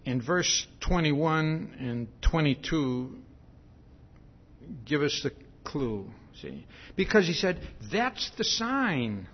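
A man preaching a sermon, slow and emphatic, tagging his points with "see?". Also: fairly high pitch, lively intonation, muffled recording.

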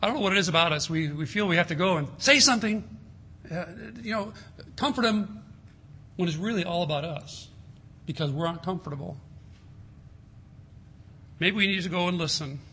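A man preaching a sermon in an earnest way, slowing down and softening his voice to stress a point. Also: sits high, slight background noise. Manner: earnest, slows and softens for emphasis. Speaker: pastor.

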